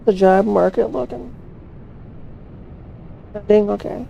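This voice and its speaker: A woman's voice: mid-range voice, fairly even intonation, measured pace, gravelly, pauses often, dark tone. A woman casually commenting to herself while playing a flight simulator, swearing freely as she hunts for her plane. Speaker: flight sim streamer.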